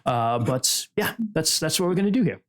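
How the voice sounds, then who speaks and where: A man playing a doctor character in a tabletop game, chatty and playful. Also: on the high side. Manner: chatty and playful, talks fast when excited. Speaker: player. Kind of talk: in-character tabletop role-play.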